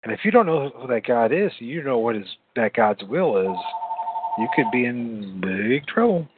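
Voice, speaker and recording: A husky, medium-pitched man talks at a moderate pace with a sing-song lilt, hosting his own podcast as a casual late-night call-in chat. He rambles, repeats words and laughs easily, and the audio sounds tinny, like a phone line.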